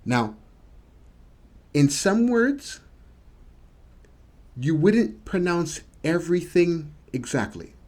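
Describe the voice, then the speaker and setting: A man giving a casual video lesson, patiently repeating each word slowly for practice. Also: fairly high pitch, big pitch swings, a little mellow. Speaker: Japanese teacher.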